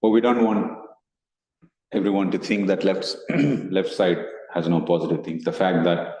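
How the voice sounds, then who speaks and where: A man's voice: low-pitched, steady tone, moderate pace, dark tone, roomy sound, poor audio. A man with an Indian accent, co-hosting a meditation podcast, explaining ideas in a rambling, casual way. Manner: rambling, explanatory, often restarts, acts out inner voices. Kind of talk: casual spiritual discussion. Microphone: online meeting recording.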